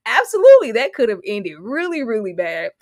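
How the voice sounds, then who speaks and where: A woman co-hosting a casual TV recap, animated and quick to laugh as she acts out scenes. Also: a little high, dry recording, clean studio sound. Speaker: co-host reviewing a TV episode.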